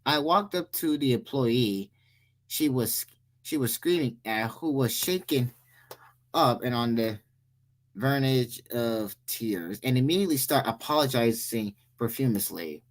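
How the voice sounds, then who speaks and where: A man's voice: medium pitch, animated, a little slow. A young man reading a Reddit story aloud, stumbling over words and restarting his sentences often. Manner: stumbling, frequent restarts and self-corrections. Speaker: story reader.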